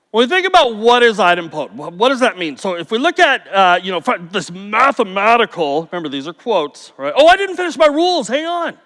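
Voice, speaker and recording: Animated joking man in a reverberant hall. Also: high-pitched. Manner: storytelling, jokey, animated. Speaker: conference speaker. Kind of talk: conference talk.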